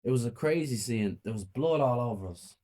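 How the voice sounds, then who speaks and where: A man narrating a first-person horror story in a plain, flat reading. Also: mid-range voice, fairly quick.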